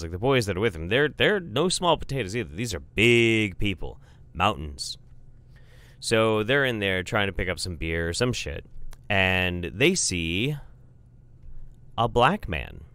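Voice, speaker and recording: A man's voice: fairly low pitch, lively intonation, a little slow, bright, forceful tone, smooth, no room sound. A man casually telling a comic family story, rambling and profane, with lots of fillers.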